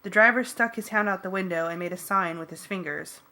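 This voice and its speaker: Woman, audiobook narrator, bright tone, wry, lively first-person reading. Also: lowish voice, a little fast. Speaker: audiobook reader.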